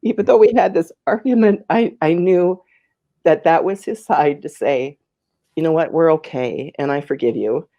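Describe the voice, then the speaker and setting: A woman's voice: low voice, moderate pace, dark tone, no echo, muffled recording. A woman in her fifties telling a personal story as an interview guest, earnest and emotional, often repeating her words.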